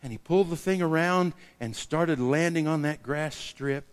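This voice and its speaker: A man preaching a sermon, telling a personal story and acting out the dialogue with lively variation. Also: fairly high pitch, moderate pace, smooth. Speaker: pastor. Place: church sanctuary. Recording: long hall reverb.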